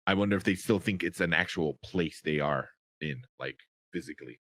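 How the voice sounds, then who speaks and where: A man co-hosting a show recap. His voice sits on the low side and sounds dry and close. He rambles along casually and gets animated when something excites him. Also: a little fast, dry recording. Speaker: podcast co-host.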